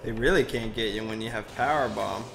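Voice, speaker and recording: A man's voice: on the low side, brisk, vocal fry, music in the background. A North American man wisecracking crudely as a co-commentator on a game stream. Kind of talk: casual stream banter.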